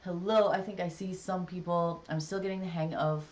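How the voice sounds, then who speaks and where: Speaking at a normal speed, this livestreamer has a steady, medium-pitched voice with a darkish tone. The chat is casual, meandering and jokey, with frequent filler like "like" and "um."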